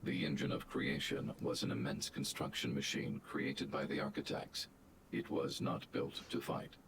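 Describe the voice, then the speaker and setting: This is a huge stern robot guardian from a video game. His pitch sits at the very floor, and each phrase comes out flat and computed. Game ambience and noise hum behind him. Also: normal speed. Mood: calculating. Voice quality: flat mechanical delivery.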